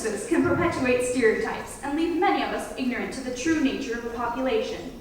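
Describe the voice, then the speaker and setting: Woman student, emphatic competition speaker with a bright, high voice, heard distantly in a boomy school hall with faint noise behind. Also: fairly quick, few pauses. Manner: emphatic, dipping into mock accents. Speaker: student speech contestant. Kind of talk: prepared competition speech. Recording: echoey hall, voice from far off.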